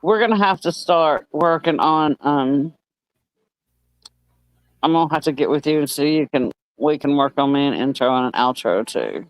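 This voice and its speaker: Man, stream co-host, smooth clear voice, a bit high, easygoing and hesitant. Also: expressive, moderate pace, no echo, low-quality recording. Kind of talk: casual livestream chat.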